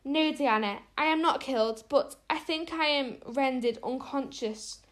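A woman's voice: high voice, a little slow. A woman voicing an imaginative young girl who speaks in an earnest, theatrical way, read from a storybook. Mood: dazed. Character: dramatic, imaginative young girl, hurt but brave. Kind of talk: storybook reading.

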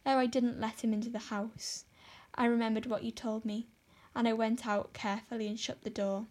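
A woman reading an audiobook speaks as a dramatic young girl full of tragic feeling. She pleads and laments in overwrought phrases, in a fairly high voice with a flat melody. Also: normal speed, a little hiss or hum, natural voice. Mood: explaining. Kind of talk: audiobook character voice.

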